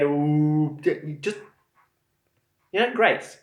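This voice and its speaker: A man's voice: lowish voice, moderate pace. Man, casual storytelling, rambling, echoey room. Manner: rambling, animated, many fillers. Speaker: vlogger telling his testimony.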